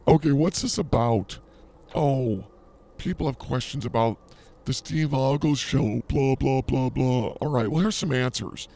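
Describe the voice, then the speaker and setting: A male podcast co-host bragging and ribbing his partner in playful banter. His voice has a gravelly, fry-heavy texture at a middle pitch. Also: measured pace, warm tone. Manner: boastful, mock-arrogant teasing. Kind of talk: comedic banter.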